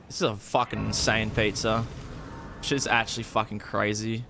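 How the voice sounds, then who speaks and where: A man's voice: lowish voice, level tone, normal speed, creaky, music in the background. A man bantering crudely with friends while playing a game, full of restarts and swearing. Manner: crude, joking, trailing restarts. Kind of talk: casual gaming banter.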